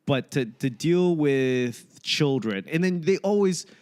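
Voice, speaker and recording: A stand-up comedian in his late thirties hosts a casual podcast chat, speaking slowly in a clean voice that sits on the high side. He's animated, laughs often, and acts out the lines he quotes.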